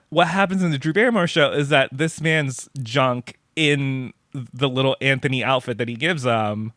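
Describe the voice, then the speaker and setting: A man's voice: mid-range voice, a bit bright, no echo, studio quality. A man talking as a guest in a casual interview, chatty, full of filler words and laughing often. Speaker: pop culture writer and guest.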